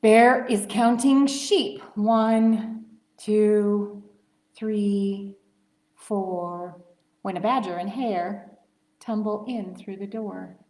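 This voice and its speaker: A woman librarian reading a picture book aloud to children, slow and expressive. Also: mid-range voice. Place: library story time room. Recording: roomy library room.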